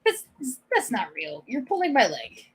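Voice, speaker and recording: A woman co-hosting a casual talk show, skeptical and dry, with a husky voice. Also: fairly high pitch, huge pitch swings, normal speed. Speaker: podcast co-host. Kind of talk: casual chat.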